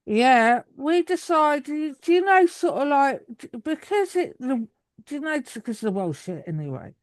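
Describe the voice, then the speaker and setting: A woman in her thirties from England rambles as a guest on a casual video call, restarting often. Her high voice swings widely in pitch at a normal speed, and the recording is dry.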